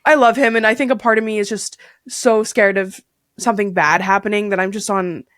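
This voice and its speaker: A young woman who is a podcast guest, telling a story in a casual, animated way and acting out the dialogue she quotes. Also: mid-range voice, brisk, no room sound, studio quality.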